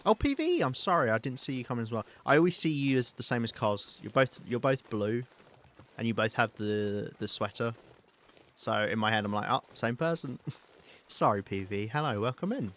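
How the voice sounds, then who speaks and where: A British man live-streaming a survival game, talking calmly and softly to his chat while he plays. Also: mid-range voice, moderate pace. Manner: calm, soft-spoken, chatty with viewers.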